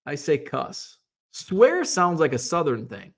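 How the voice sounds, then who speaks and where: A man from Illinois hosts a relaxed live stream, his voice sitting a little high for a man. He works through viewer comments one by one, reading each aloud and tossing back a wry remark. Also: measured pace. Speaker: host of a sports card hobby show. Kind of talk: casual live-stream chat.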